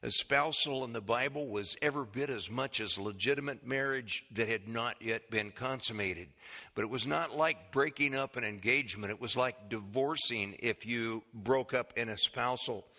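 A man preaching a sermon, reading scripture in a slow, measured way and then teaching the congregation with questions. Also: medium pitch, sharp tone. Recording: long echo of a large hall.

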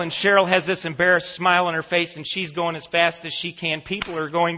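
A male pastor preaching a sermon, telling a vivid story and then making an earnest, hushed appeal. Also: a little high, a little fast, hardly any pauses. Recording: echoey church hall, dull lo-fi sound.

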